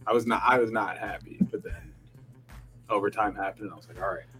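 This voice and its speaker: A young man co-hosting a casual lacrosse picks show, animated and slangy, laughing often as he banters. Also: on the low side, a little fast, soft background music, rough recording. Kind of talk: casual sports chat.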